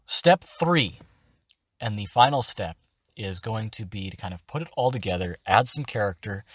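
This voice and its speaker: A man hosting a tutorial, explaining how to do voices for a tabletop game in a slow, deliberate way. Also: lowish voice, fairly bright tone, dry recording, studio quality. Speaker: channel host teaching voice acting. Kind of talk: tutorial instruction.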